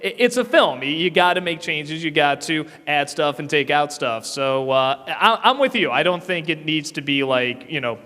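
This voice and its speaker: A man's bright, forceful, slightly high voice carries through a reverberant convention hall via handheld mic as he answers panel questions from the audience. Expressive and moderately paced with few pauses, he's casual and chatty, though his throat is scratchy and he often restarts and laughs.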